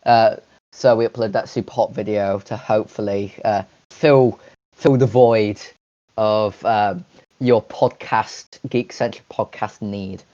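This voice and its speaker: A man's voice: on the low side, fairly even intonation, warm tone. Rambly man co-hosting a lo-fi podcast. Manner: halting, many fillers and restarts. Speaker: podcast co-host. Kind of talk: casual podcast chat.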